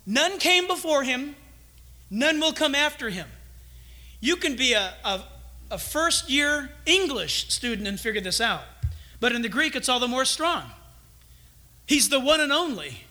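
A male pastor preaching a sermon, animated and acting out little quoted exchanges between churchgoers. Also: very high-pitched, unhurried.

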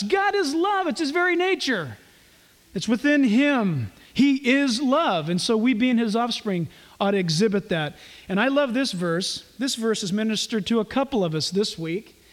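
A man's voice: high-pitched, animated, moderate pace, in a large hall. A man preaching a sermon as pastor and Bible teacher, telling stories animatedly and acting out the characters' voices.

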